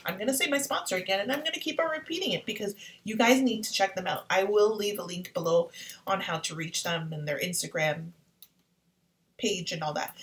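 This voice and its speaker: A woman vlogging an art-supply unboxing, gushing and excitable, often dropping into whispers. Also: medium pitch, a little fast, poor audio. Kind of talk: casual unboxing vlog. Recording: faint background noise.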